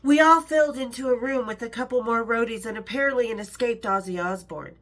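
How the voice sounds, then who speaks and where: A woman's voice: on the high side, fairly quick, a bit bright. A middle-aged woman reading her own memoir aloud, breaking off for chatty asides and laughs. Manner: chatty, laughs between passages, self-interrupting. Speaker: author and storyteller.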